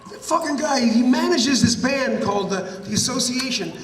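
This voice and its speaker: A man in his sixties with a high voice tells animated, profane stories. He sounds distant in a long, echoing hall with faint noise behind him. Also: normal speed. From United States. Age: 60s. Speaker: guest musician at a fan Q&A. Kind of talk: casual storytelling.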